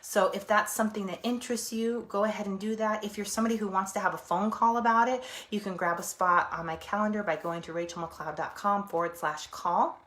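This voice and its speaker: Middle-aged female therapist, chatty and animated, voices inner thoughts mid-talk, medium pitch. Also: brisk, hardly any pauses. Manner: animated, acts out inner voices, laughs often. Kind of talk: casual teaching talk.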